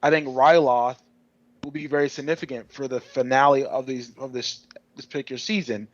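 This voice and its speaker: A man co-hosting a podcast in casual discussion, animated and rambling with many restarts. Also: mid-range voice, fairly quick, no echo, muffled recording. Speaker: podcast co-host.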